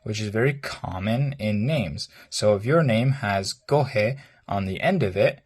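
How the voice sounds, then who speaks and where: A man teaching a language lesson, hesitant with many ums, spelling out words and repeating phrases slowly. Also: lowish voice, animated, husky.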